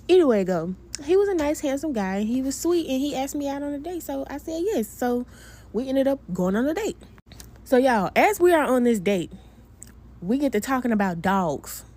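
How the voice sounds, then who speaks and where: A woman telling a dating story to her viewers in a casual storytime vlog, animated and laughing as she talks straight to them. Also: mid-range voice.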